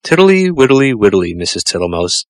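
A man voicing a slow, greedy old male toad who is jovial and pushy, with drawn-out, sing-song repetitions. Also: fairly low pitch, very animated, no room sound. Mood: cheerful.

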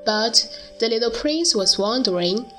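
A woman narrating a storybook in a slow, deliberate reading. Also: a little high, lively intonation, sharp tone, faint music behind, poor audio.

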